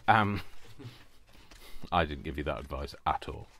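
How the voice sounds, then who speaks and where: A man with a very low voice chats away at his craft table, rambling and poking fun at himself. A faint hiss sits under his voice. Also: measured pace, vocal fry, a bit bright. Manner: rambling, chatty, self-mocking, laughs often. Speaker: crafting video host. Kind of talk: casual chat while crafting.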